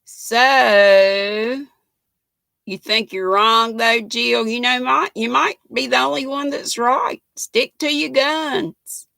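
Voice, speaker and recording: Slow, gravelly older Southern woman. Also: fairly high pitch, steady tone, bright, forceful tone, no room sound. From North Carolina. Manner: chatty and folksy, greeting viewers by name. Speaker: live-stream host. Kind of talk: casual live-stream chat reading viewer comments.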